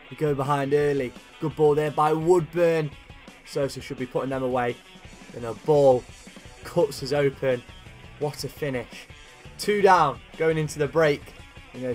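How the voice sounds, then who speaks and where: A young man commentating his own football video game career with lively, animated energy and sudden shouts. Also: mid-range voice. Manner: animated, shouts at big chances. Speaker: gaming YouTuber. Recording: faint guitar music behind.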